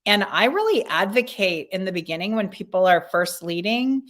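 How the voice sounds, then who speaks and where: A woman guest in a casual podcast interview, thinking aloud slowly with many fillers and restarts. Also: medium pitch, big pitch swings, fairly bright tone. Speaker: leadership consultant guest.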